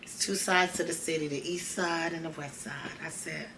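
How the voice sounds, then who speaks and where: A woman's voice: sits low, steady tone, moderate pace, pushed and bright, a little hiss or hum. A woman, host of a podcast, telling a personal story in a conversational, emotional way and acting out the dialogue. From Chicago.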